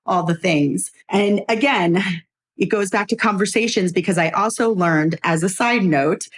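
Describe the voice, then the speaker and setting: Middle-aged woman on a podcast, telling a story, animated, acts out the quotes, medium pitch. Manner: animated, acts out quoted dialogue, laughs often. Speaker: podcast guest, former preschool owner. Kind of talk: storytelling in a casual interview.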